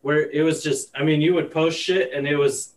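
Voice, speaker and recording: A man in casual podcast chat telling slow, rambling anecdotes. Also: a little high, steady tone, far from the mic, poor audio.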